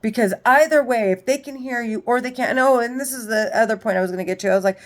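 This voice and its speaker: A woman with a fairly high voice talks straight into her camera in a loose, rambling vlog. She is agitated and swears constantly, circling back and restarting her sentences. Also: fast, few pauses. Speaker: vlogger. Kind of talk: casual rambling monologue.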